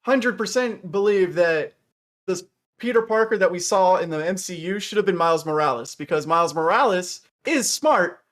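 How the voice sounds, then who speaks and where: A man in casual chat as a stream co-host, rambling with many restarts and trailing off softly. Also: high-pitched, normal speed. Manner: mimics characters with raised excited voice.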